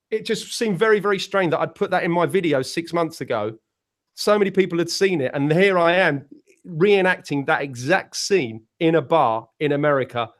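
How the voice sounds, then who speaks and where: A man's voice: fairly high pitch, a bit bright. A man from the United Kingdom with an English accent, telling long rambling stories in a casual panel chat, often restarting his sentences. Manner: rambling storytelling with many restarts. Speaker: panel guest, musician.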